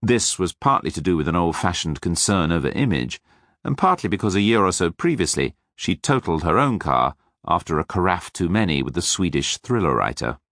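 Male narrator, low gravelly voice, lively, wry, dry studio sound. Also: fairly quick, no room sound. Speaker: audiobook narrator. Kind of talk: scripted narration.

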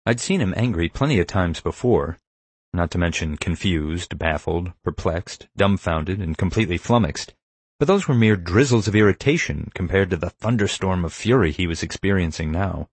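A man's voice: low-pitched, animated, moderate pace, slightly rough, no room sound. A man reading a first-person story aloud as an audiobook narrator, with dry, wry delivery.

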